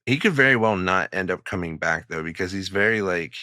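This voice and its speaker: A man's voice: low-pitched, lively intonation, brisk, sharp tone, no room sound, studio quality. A man co-hosting a podcast in casual chat, blunt and swearing freely. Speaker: podcast co-host.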